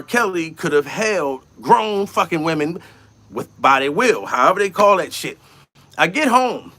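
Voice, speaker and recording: High-voiced profane male comedian storyteller. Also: no echo. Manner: profane, animated, acts out quotes in raised voices. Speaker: comedian, channel host.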